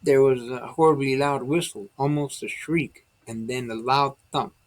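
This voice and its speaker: A man's voice: mid-range voice, fairly even intonation, moderate pace, close to an everyday voice. A man playing a rattled village doctor. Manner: insistent, rattled. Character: shaken male village doctor.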